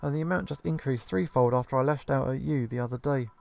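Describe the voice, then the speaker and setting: A man reading the lines of an anxious, bitter bartender woman from a video game, in a halting, hesitant way. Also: medium pitch, creaky, a little mellow, natural voice. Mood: regretful. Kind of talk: reading game dialogue aloud. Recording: faint game music behind.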